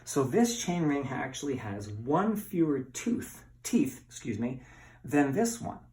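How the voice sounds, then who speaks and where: Unhurried and a little mellow, a middle-aged man speaks at medium pitch with lively intonation while teaching a bike demonstration. The distant mic and echoey bike-filled room frame his chatty, playful questions to the class.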